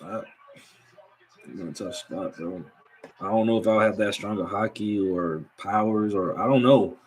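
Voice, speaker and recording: A young man casually recapping a manga chapter, excitable and slangy, reading out the characters' lines as he goes. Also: on the low side, moderate pace, slight background noise, low-quality recording.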